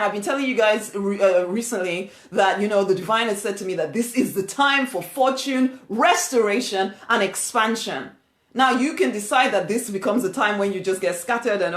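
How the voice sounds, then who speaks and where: A woman delivering a spiritual pep talk in an emphatic, repetitive manner, laughing here and there between her points. Her voice sits at an ordinary middle pitch. The recording carries a noticeable roomy echo. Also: expressive, moderate pace. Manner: emphatic, repeats key phrases, laughs often. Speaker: motivational speaker.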